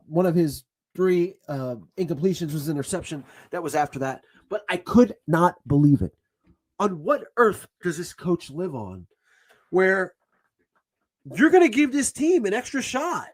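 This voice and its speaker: Furious swearing football fan man. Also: high-pitched. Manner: swearing, shouting outbursts between sarcastic retelling. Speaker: sports vlogger. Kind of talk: angry fan rant.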